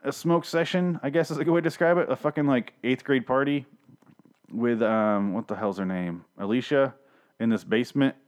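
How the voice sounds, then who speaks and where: A man's voice: mid-range voice, moderate pace. A man casually recapping and ranting about a TV show, profane and sarcastic, rambling with frequent restarts. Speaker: TV show reviewer. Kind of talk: casual solo recap rant.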